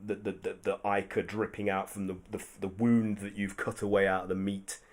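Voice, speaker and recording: A man's voice: on the low side, little pitch movement, brisk. A man narrating a tabletop game as game master, rambling with many fillers and restarts.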